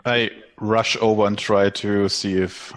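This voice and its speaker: A man plays a tabletop game and talks casually, pausing and checking the rules. His voice sits low. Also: flat delivery. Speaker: player.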